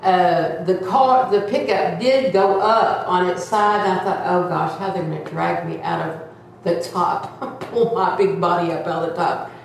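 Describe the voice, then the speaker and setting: A woman of seventy tells a lively church testimony and acts out the voices of the people in her story. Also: lowish voice, moderate pace, a little hiss or hum. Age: 70s. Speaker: church member giving a testimony. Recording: echoey hall, distant mic.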